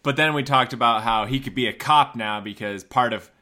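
A man's voice: mid-range voice, fairly quick, bright, forceful tone. A man in casual chat, chiming in with teasing quips.

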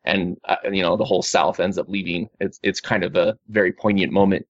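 A man's voice: low voice, fairly even intonation, a little fast, no room sound. A man chatting casually with friends, rambling through his news with many restarts and fillers. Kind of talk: casual group chat. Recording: dull lo-fi recording.

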